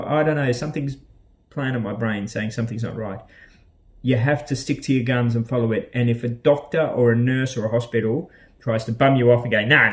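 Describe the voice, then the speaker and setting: Australian man, casual vlog, rambling, hesitant, lots of fillers, mid-pitched voice. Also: a little mellow. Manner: rambling and hesitant, with many ums and uhs. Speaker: vlogger.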